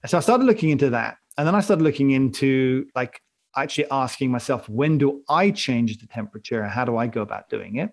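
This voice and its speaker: Male co-host, gravelly, casual and joking, rambles through the chat. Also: mid-range voice, expressive, brisk. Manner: joking, rambling, laughs often. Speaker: podcast co-host.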